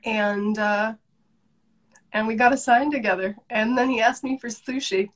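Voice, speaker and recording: A woman's voice: on the high side, fairly even intonation, a little slow. A young Canadian woman chatting as a guest on a live video call, enthusiastic and talkative. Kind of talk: casual chat.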